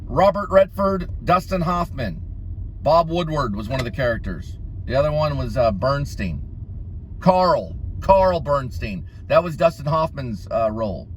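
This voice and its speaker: A man's voice: on the high side, very animated, measured pace, slight background noise. A man hosting a casual vlog, rambling through name-dropping anecdotes about actors. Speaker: vlog host, delivery runner.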